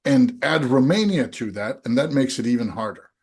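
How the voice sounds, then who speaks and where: A man in his forties from Denmark, hosting and coaching a guest in a frank, energetic way, full of rhetorical questions. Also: medium pitch, moderate pace, breathy edge. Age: 40s. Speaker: host, business coach. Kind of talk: coaching conversation.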